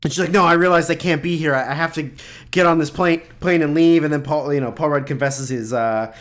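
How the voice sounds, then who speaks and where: A man's voice: a little high, a bit bright. Chatty man recapping a movie. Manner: rambling retelling, acting out lines in quick bits. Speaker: podcast co-host. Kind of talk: casual movie recap chat.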